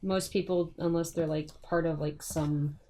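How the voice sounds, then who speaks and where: A woman's voice: deep voice, fairly even intonation, normal speed, warm tone. A woman playing a tabletop game, chatting casually and speaking formally in character. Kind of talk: casual chat and in-character speech.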